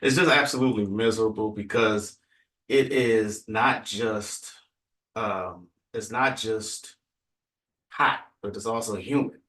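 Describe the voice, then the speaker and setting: A man's voice: fairly low pitch, slow, fairly bright tone. Laid-back Texan man in a roomy space. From Texas. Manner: laid-back, rambling with many fillers and asides. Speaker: livestream host. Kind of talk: casual livestream chat. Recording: roomy, distant from the mic.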